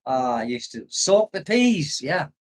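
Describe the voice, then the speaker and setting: A man's voice: a little high, big pitch swings, unhurried. An older British man living abroad, chatting casually on a livestream, rambling nostalgically and laughing often. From United Kingdom. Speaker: expat vlogger reading live chat. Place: home in the Philippines.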